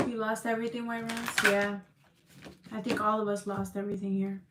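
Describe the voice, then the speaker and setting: A woman's voice: medium pitch, flat delivery, fairly quick, echoey room, very noisy. A woman giving a tarot reading to her viewers, emotional and tearful, swearing freely and calling them y'all. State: crying. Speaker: tarot reader.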